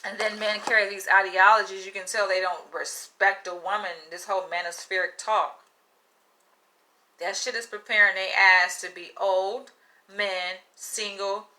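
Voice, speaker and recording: A young woman giving a blunt, profane, animated monologue to camera, laughing often as she talks. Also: medium pitch. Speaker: vlogger.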